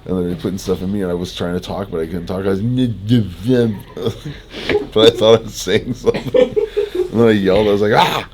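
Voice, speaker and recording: A man's voice: fairly low pitch, moderate pace, background noise. A young man groggy after surgery, telling a rambling story in a laid-back way, laughing often and swearing in a hospital room. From Canada. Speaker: fitness vlogger. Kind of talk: casual storytelling.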